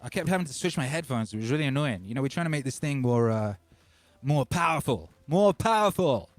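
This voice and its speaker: Talking fast in a mid-range voice, a forty-something English livestream host and DJ chats casually and excitably from home, wandering off on tangents. His microphone feeds through a DJ mixer, a faint music bed plays behind, and the recording is dry.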